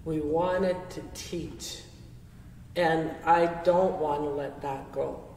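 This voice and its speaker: An older woman giving a heartfelt talk with audience questions, speaking gently and reflectively with soft laughs. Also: low voice, fairly even intonation, slow, slight background noise. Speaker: speaker sharing teachings through her late husband's art. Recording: roomy hall, voice from far off the mic.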